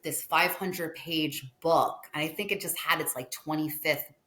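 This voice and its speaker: A woman in her forties, a restaurateur guest, telling a story in a chatty, animated way in a casual interview. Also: deep voice, measured pace, noisy background. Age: 40s.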